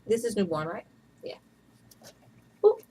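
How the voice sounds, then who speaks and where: Woman, 30s, from Atlanta, casual vlog chat, playful, chatty, mid pitch. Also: animated, unhurried, warm tone, slightly rough, poor audio. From Atlanta, USA. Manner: chatty and playful, with bursts of laughter. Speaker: vlogger.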